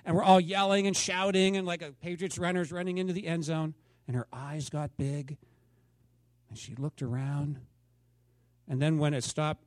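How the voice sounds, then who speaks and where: Man, 50s, pastor, sermon, fairly high voice, dramatic storytelling, loud then hushed, dry recording. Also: little pitch movement, moderate pace, no room sound.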